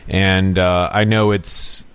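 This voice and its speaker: A man with a fairly low voice hosts a casual film podcast. He talks in an earnest, enthusiastic ramble, and the sound is dry and close with no room around it. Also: little pitch movement, slow pace, a bit bright, clear, resonant tone, no echo. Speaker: podcast host. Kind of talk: casual radio-podcast chat.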